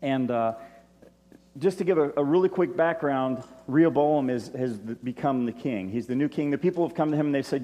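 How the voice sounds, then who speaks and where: A man giving a sermon as a pastor, in a relaxed, conversational way with asides to his listeners. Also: mid-range voice, brisk. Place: church stage. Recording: long reverb of a large hall.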